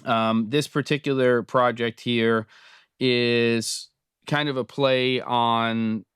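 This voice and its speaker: A British host in his fifties leads a casual screen-recorded tutorial, speaking slowly and smoothly at a medium pitch. He sounds relaxed, thinking out loud with frequent ums and other fillers, and the recording is dry and studio-quality.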